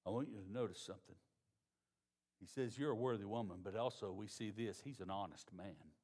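A pastor, preaching a sermon in a conversational, folksy way. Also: male voice, on the low side, fairly quick, darkish tone.

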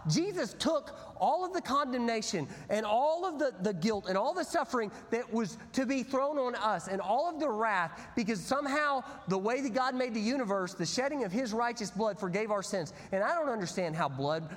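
A man preaching a sermon as pastor, telling stories with big swings between loud bursts and hushed, low passages. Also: animated, moderate pace, few pauses. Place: church sanctuary. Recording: long hall reverb.

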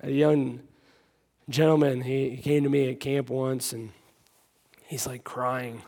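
A man's voice: medium pitch, level tone, a little slow, pauses often, darkish tone. A man preaching an earnest, conversational sermon, reading scripture and telling stories from his ministry. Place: church sanctuary. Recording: long reverb of a church hall.

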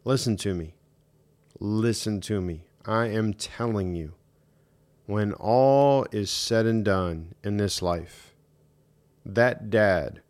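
A middle-aged man speaks slowly and deliberately in a low register, hosting his own podcast. He talks with earnest emphasis and goes back over his points to drive them home. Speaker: podcast host. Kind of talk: reflective solo podcast monologue.

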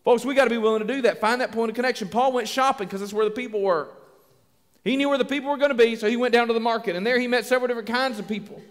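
Male pastor, high-pitched, folksy and lively, reverb of a large church hall. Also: racing. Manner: folksy, animated, acts out little dialogues. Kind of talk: sermon.

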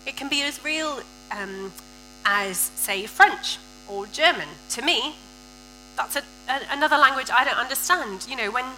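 A woman preaching a sermon, telling a personal story with lively, animated delivery and frequent laughter. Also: high voice, unhurried, a little hiss or hum, poor audio.

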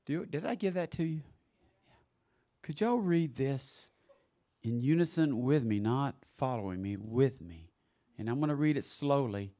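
Slow-preaching pastor, man. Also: medium pitch, lively intonation. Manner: swings from soft and slow to loud shouting, exclaims woo. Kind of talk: sermon. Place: church sanctuary.

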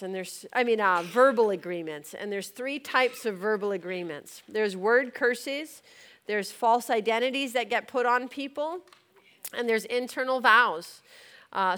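A woman's voice: a little high, fairly bright tone, clear, resonant tone. A woman teaching in an earnest, conversational way, with light laughs between points. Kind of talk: teaching on deliverance and prayer.

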